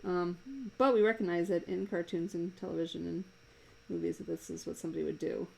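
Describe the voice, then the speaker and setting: A woman's voice: on the low side, little pitch movement, fairly quick, vocal fry, darkish tone, a little hiss or hum, rough recording. A woman cartoonist chatting casually while she draws live at her desk, amused and rambling, laughing often. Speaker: live-drawing cartoonist and streamer. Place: home desk.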